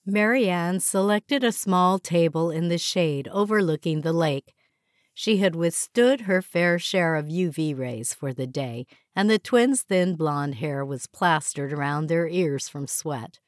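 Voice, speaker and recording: A woman narrating an audiobook in a measured, even way. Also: low-pitched, no echo, clean studio sound. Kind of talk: scripted narration.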